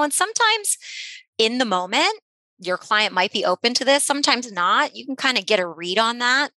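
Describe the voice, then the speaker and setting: A woman therapist explaining a technique in a gentle, encouraging, conversational way, often repeating herself. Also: fairly high pitch, big pitch swings, normal speed, no room sound, rough recording. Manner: gentle, encouraging, repeats words, many "you know"s. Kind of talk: conversational instructional talk.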